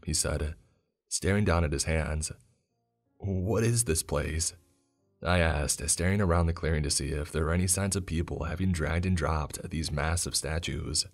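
A man with an extremely deep voice tells a scary story in an unhurried, even delivery. His narration is scripted and steady, built to hold a listener through a long night of creepy tales. Faint music sits low beneath his words.

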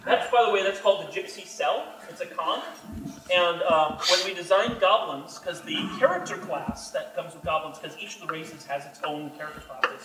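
A man, a game designer, telling stories and joking with a live audience at a fan convention. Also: high-pitched. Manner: storytelling, joking, expressive. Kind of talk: animated talk to a live audience. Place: convention hall indoors. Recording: roomy hall, mic at a distance.

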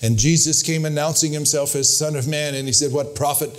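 A man's voice: fairly even intonation, fairly quick. An older man preaching a sermon, telling stories and quoting others in an earnest, emphatic way. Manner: storytelling, quoting with raised pitch, earnest and emphatic.

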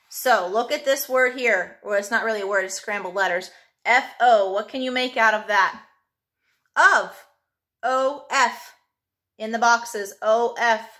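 A woman's voice: on the high side, bright, forceful tone. A woman teaching a phonics workbook lesson to a child, sounding out letters patiently.

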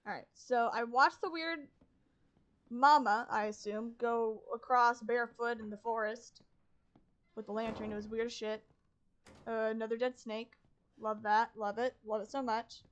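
A woman's voice: a little high, steady tone, normal speed, highs cut off. A woman streamer giving casual gameplay commentary, talking to herself in a chatty, wry and sarcastic way.

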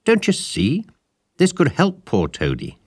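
A man's voice: on the high side, wildly swooping pitch, unhurried, breathy edge, no echo, clean studio sound, pitched above the performer's own voice, heavily acted. A man voicing a stern, bossy male water rat who speaks in a commanding, emphatic way.

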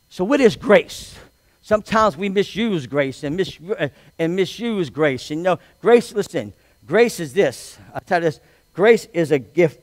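A male pastor preaching a sermon, reading scripture and building to loud, drawn-out, emphatic shouts. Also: a little high, dry recording. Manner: reads scripture aloud with commentary.

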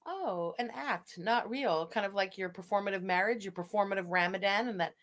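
A woman's voice: mid-range voice, fast, a bit bright. A woman giving sarcastic, swearing reaction commentary on a livestream. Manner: sarcastic, scathing, swears freely.

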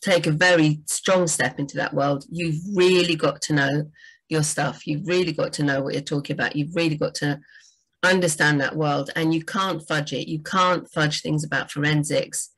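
A woman's voice: low voice, steady tone, moderate pace, fairly bright tone, husky, low-quality recording. A woman, a book doctor, giving enthusiastic, chatty writing advice on a livestream. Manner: enthusiastic, chatty, frequent fillers.

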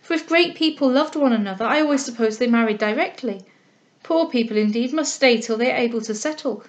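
A woman's voice: a little high, fairly quick, close to an everyday voice. A woman reading a novel aloud, voicing an earnest, humble and impulsive young woman who speaks with eager feeling. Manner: eager and heartfelt, speaking up with spirit.

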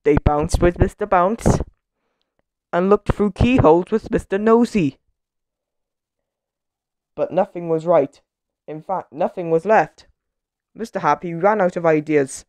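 A woman reading a children's picture book aloud, gentle and expressive. Her voice sits a little low for a woman. The recording is close and dry. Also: measured pace, pauses often, no echo. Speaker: storyteller. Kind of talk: children's story read-aloud.

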